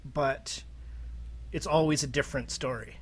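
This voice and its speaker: A man's voice: medium pitch, fairly even intonation, a little slow, husky. A man co-hosting a podcast in casual, enthusiastic chat, with frequent restarts. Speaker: podcast co-host.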